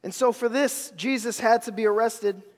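A man's voice: very high-pitched, moderate pace, long reverb tail. A man preaching a sermon, with emphatic repetition and casual slang.

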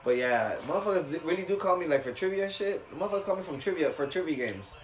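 Young man, laid-back, emphatic, frequent swearing, somewhat high voice, echoey room. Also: animated, quick pace. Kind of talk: casual podcast chat.

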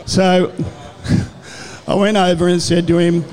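An older Australian man with a notably high voice tells rambling stories from his playing days. He slips into the back-and-forth of old conversations as he goes, in an easy, casual way. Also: level tone, slow pace, a little mellow, big-room sound. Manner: rambling storyteller who acts out quoted exchanges. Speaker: former rugby league player, guest. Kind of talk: casual anecdote telling.

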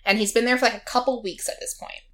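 Her voice is fairly high, a bit bright, and fairly even in intonation, and she talks fast. She's a podcast co-host casually recapping a reality show for a friend, animated, quoting the cast, and laughing often.

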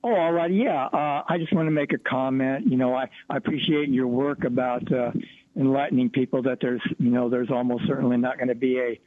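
A man's voice: mid-range voice, steady tone, a little fast, dry recording. A man from Missouri calling in to a radio show, hesitant and full of restarts. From Missouri, USA. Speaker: caller. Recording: tinny phone line.

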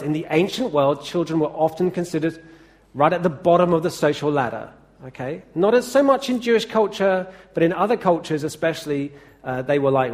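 Male preacher, slightly high-pitched, casual sermon delivery with questions to the congregation. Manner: chatty, asks the congregation questions.

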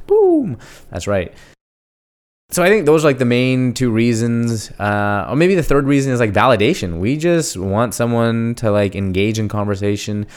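Casual male podcast host, low-pitched and smooth, jokey, answers his own questions. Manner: asks himself questions and answers them, jokey and animated. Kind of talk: casual solo podcast monologue.

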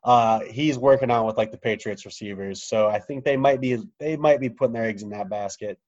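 Brief: male co-host, mid-pitched, joking and profane, dull lo-fi sound. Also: a little fast, a little mellow. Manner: joking, profane, laughs through stories. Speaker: podcast co-host. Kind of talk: casual chat. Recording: dull lo-fi audio.

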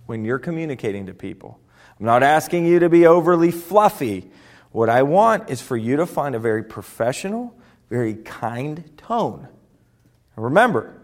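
Emphatic male motivational speaker. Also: fairly high pitch. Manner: emphatic, rising and falling for effect. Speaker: personal development speaker. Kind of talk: motivational talk.

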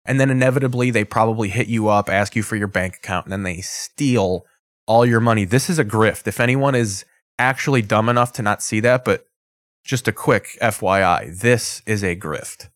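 A man's voice: lowish voice, fairly quick, no room sound. Sarcastic swearing male podcast host. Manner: loose, sarcastic, swears often. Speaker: show host reacting to live broadcast. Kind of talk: casual profane commentary.

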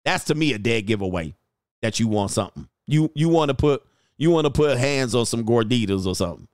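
A man hosting a casual dating-talk livestream, joking and mocking as he reads out viewer comments, using slang and drawn-out emphasis. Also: medium pitch, animated, darkish tone, clean tone, no room sound, clean studio sound. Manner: joking and mocking, slips into playful impressions and laughs often. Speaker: dating coach and show host.

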